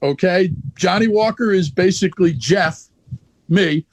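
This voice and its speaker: A man's voice: high voice, unhurried, no room sound. A man who is a wrestler guest, telling a story in a blunt, profane, heated way in a casual interview.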